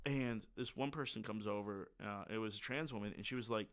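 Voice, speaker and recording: A middle-aged man telling a story casually as a podcast guest, animated and acting out the quotes. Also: lowish voice, a little fast, clear, resonant tone.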